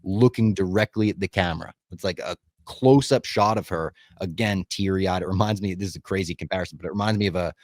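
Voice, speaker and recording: A man's voice: deep voice, fast talker, few pauses, no echo, studio quality. A man in casual podcast chat, talking with enthusiasm, swearing freely and acting out lines he quotes. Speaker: podcast co-host.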